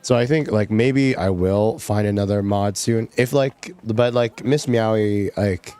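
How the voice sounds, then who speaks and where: A man's voice: on the low side, unhurried, warm tone, clear, resonant tone. A young man streaming a game, chatting casually, joking and laughing, saying like a lot. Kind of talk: casual gameplay commentary.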